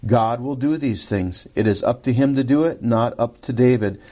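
A man's voice: medium pitch, moderate pace, mellow, highs cut off. A man teaching a recorded Bible lesson from a handout, reading scripture aloud and checking his notes as he goes.

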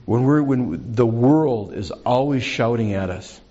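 A man's voice: medium pitch, lively intonation, a little slow, mellow, muffled recording. Conversational male pastor preaching. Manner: conversational, asks the congregation questions. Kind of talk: sermon.

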